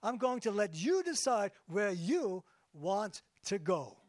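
Guy doing old yiddish-accent God in a sermon joke, chatty and wry, high pitched. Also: sing-song, takes it slowly, no room sound, full character voice. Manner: chatty, fussy, kindly. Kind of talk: comic joke-telling in a sermon.

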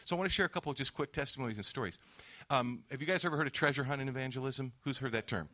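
A man's voice: medium pitch, rapid-fire, sharp tone. A man preaching a sermon, telling a testimony story and acting out the quoted dialogue.

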